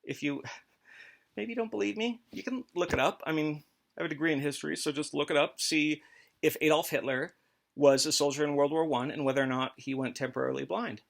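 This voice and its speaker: A man's voice: a little high, brisk, creaky. A man hosting a comedic history talk, rambling and mock-authoritative with crude jokes. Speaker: host.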